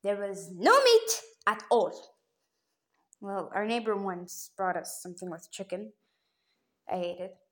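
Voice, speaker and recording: A woman telling a rambling, casual story to her viewers, often jumping up in pitch and loudness. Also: very animated, unhurried, long pauses. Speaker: vlogger.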